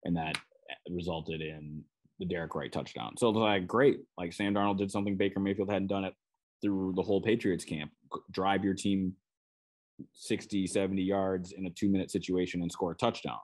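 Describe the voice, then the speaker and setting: Minnesotan guy doing a solo football podcast, low voice, keeps restarting sentences, chatty. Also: fairly even intonation, normal speed, darkish tone. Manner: conversational, with frequent restarts and "you know". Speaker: sports beat writer and podcast host. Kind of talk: solo sports podcast analysis.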